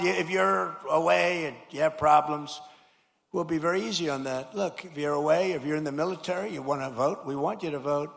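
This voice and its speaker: A man's voice: a little high, a little fast, gravelly. Older man giving a rambling speech in a reverberant hall. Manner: rambling, repetitive, rising to shouted slogans. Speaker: political speaker. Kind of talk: campaign-style speech. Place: large hall at a high school.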